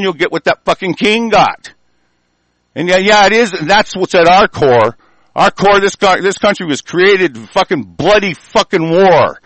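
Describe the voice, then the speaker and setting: Angry cursing american guy ranting, loud then muttering low, kinda high voice, dead dry sound. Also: expressive, moderate pace, no room sound, rough recording. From United States. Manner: profane, furious, swinging from loud outbursts to low muttering. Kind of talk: angry political rant.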